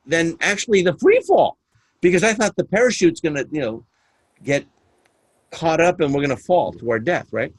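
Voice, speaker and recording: Animated, husky man telling a story. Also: medium pitch, no echo. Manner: animated storyteller, acts out quoted voices, casual swearing. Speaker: business mentor. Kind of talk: storytelling talk to a group.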